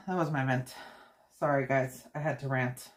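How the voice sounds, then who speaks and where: A woman's voice: extremely low pitch, measured pace. A woman hosting a live stream, chatting casually and venting in a rambling way with many fillers. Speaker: channel host.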